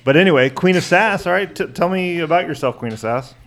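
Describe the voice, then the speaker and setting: A man's voice: animated, brisk, a bit bright. A father hosting a silly family podcast, teasing and joking with his guests and laughing often. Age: adult parent. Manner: goofy, teasing, laughs often, swoops up high in mock surprise. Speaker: podcast host interviewing kids' characters. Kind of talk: playful comedic podcast chat.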